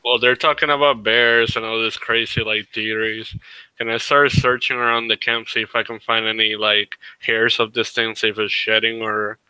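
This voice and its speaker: A man's voice: fairly low pitch, flat delivery, normal speed, bright, forceful tone, smooth, no room sound, low-quality recording. A man playing a tabletop game, talking casually with many fillers. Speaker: player. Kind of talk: casual chat as a tabletop player.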